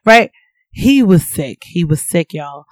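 A woman co-hosting a casual podcast, her voice swinging widely in pitch as she tells an animated story. She laughs often and acts out what people said. The recording is dry and close. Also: slow, dry recording. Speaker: podcast co-host.

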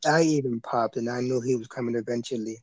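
Man, podcast co-host, relaxed, short remarks, mid pitch, dry sound. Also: fast talker, dry recording. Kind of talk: casual podcast chat.

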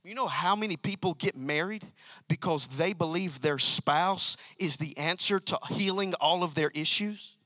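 A man's voice: a little high, moderate pace, bright, forceful tone, no room sound. A male pastor preaching a sermon, emphatic and repetitive, calling out to members of his congregation. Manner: emphatic, repeats key phrases, calls out to congregation.

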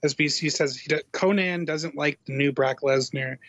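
A man's voice: fairly high pitch, moderate pace, fairly bright tone, no echo. Podcast co-host, man, wry and joking, a bit muffled, no room sound. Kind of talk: casual chat.

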